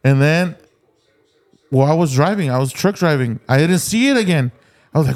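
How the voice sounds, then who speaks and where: A middle-aged man, a podcast co-host, telling stories in casual chat, animated and swearing freely. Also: a little high, a little fast.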